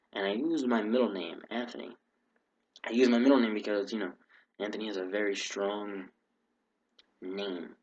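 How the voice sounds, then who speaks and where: A man's voice: fairly low pitch, slight background noise, poor audio. A man vlogging casually in a put-on British accent, rambling with restarts and fillers. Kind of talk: casual vlog update.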